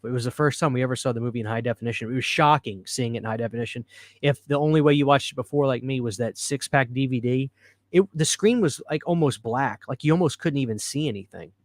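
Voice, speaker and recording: A man's voice: medium pitch, no room sound, studio quality. A man hosting a casual live stream, chatting loosely, answering viewer comments and laughing easily. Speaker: livestream host. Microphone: studio microphone.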